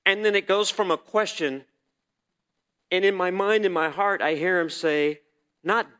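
A man preaching a personal testimony as a sermon, telling the story vividly and swinging between loud and hushed delivery. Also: high-pitched, measured pace.

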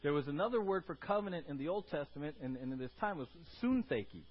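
Husky-voiced man preaching a lively sermon. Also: a little high, fast talker, lo-fi sound. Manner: swings from loud emphatic teaching to soft quiet asides; asks the congregation for responses. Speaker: pastor.

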